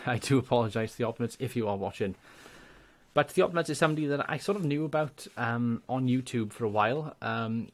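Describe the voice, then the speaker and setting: A young man with a Welsh accent, a gaming YouTuber chatting casually and rambling through channel shout-outs. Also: mid-range voice. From Wales. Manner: chatty, rambling, laughs often.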